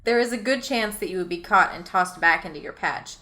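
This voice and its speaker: A woman's voice: fairly low pitch, brisk, bright, forceful tone. A woman reading her own choose-your-own-adventure story aloud as host, racing through it and often laughing at her own lines.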